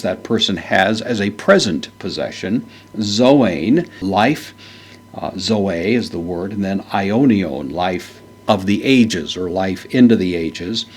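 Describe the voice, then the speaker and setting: A man teaching a Bible verse word by word, parsing each word in a measured way with frequent fillers. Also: fairly low pitch, slightly rough. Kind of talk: unscripted Greek verse lesson.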